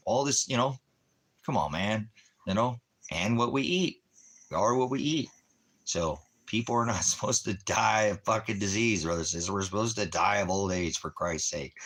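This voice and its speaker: A man's voice: medium pitch, pushed and bright. A man ranting to his viewers in a rambling, profane, heated way, often restarting his sentences. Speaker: livestreamer addressing viewers. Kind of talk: casual profane rant.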